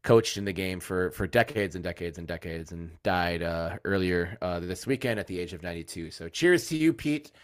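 A man hosting a casual sports podcast, telling animated stories that swing between loud outbursts and low asides, and swearing casually. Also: normal speed, few pauses, clear, resonant tone. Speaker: podcast host.

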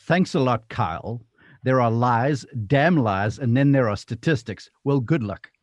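A gruff older South African golf legend grumbles sarcastically in a South African accent, put on by a man. The sound is dry and close, with no room around it. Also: medium pitch, animated, a little slow, no room sound, lightly acted. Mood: sarcastic. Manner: sarcastic, mock-grumpy impression.

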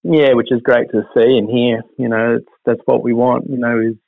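Gravelly man on a phone line. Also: medium pitch, level tone, no echo. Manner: hesitant, many fillers and restarts; upbeat, measured. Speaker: racing team manager. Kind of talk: interview answers.

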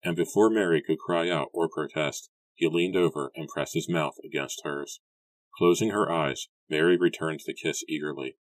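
A man reading a novel aloud as an audiobook narrator, calm and measured. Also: rumbling low, no room sound. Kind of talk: scripted narration.

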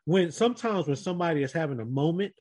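Man, slightly higher voice, casual podcast chat, earnest storyteller, talks to the group. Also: lively intonation, quick pace, darkish tone.

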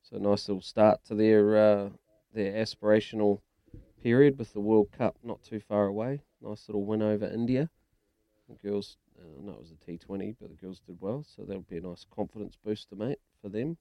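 A man's voice: fairly low pitch, mellow, dry recording. A man with a New Zealand accent co-hosting a radio sports show, chatting casually in a matey, rambling way.

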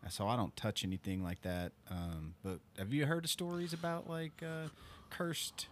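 A man with a low voice co-hosts a relaxed podcast. He talks easily and a little hesitantly as he asks his co-hosts questions. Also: moderate pace. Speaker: podcast co-host. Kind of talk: casual chat.

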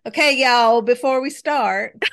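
A middle-aged woman, co-hosting a casual podcast chat with her daughter, affectionate and quick to laugh. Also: fairly high pitch, fairly bright tone. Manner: affectionate, chatty, laughs often. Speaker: podcast co-host.

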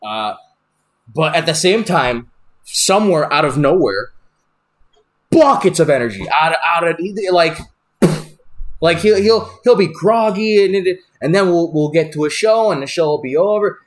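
A young man, a wrestler on a podcast, telling a road story in a profane, animated, rambling way with lots of restarts. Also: a little high, a little slow. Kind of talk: casual storytelling.

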